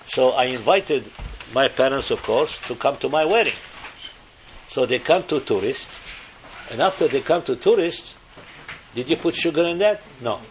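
An older man from Morocco, giving an animated, emphatic storytelling sermon and slipping Hebrew phrases into his English. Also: medium pitch, moderate pace, pauses often, slight background noise. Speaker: speaker giving a religious talk.

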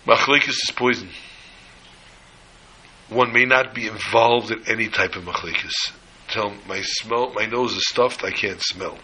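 A man's voice: fairly low pitch, steady tone, measured pace, sharp tone, slight background noise, poor audio. A man preaching a sermon, telling a parable in an emphatic way and mixing in Hebrew and Yiddish terms. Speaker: rabbi.

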